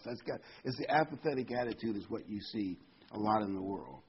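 A man preaching a sermon in a low, very husky voice, caught on a dull lo-fi recording. He swings between loud emphatic points and quiet asides and reads scripture aloud with weight. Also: expressive, brisk.

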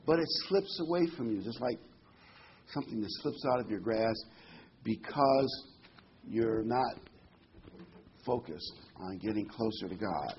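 A pastor preaching a sermon in a conversational, folksy way, repeating key words for emphasis. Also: male voice, on the low side, expressive, measured pace, pauses often, muffled recording, slight background noise.

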